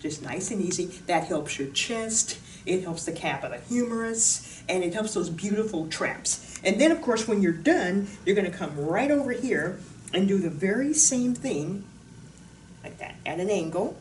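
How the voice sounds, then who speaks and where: A woman fitness instructor from the US Pacific Northwest chats through an exercise demonstration in a bubbly, joking, casual way. Her medium-pitched, slightly mellow voice has lively intonation and normal speed. She is off the mic at a distance, with roomy echo and faint noise.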